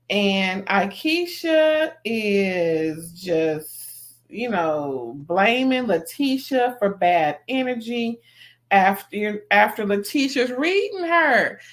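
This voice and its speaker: Chatty woman recapping reality TV. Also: mid-range voice. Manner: chatty, laughs often, slangy and gossipy. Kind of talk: casual commentary.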